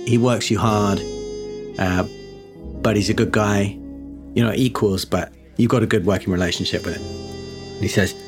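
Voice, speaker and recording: A man running a tabletop game as game master, narrating in a relaxed, hesitant way full of fillers. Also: on the low side, normal speed, pauses often. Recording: guitar music behind the voice.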